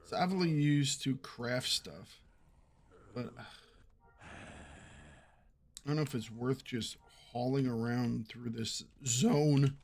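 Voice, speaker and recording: A man streaming an online game, talking to himself in a relaxed, offhand way as he plays. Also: mid-range voice, slow pace, long pauses. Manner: relaxed, muttering to himself while playing. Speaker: gaming streamer. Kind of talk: casual gameplay commentary.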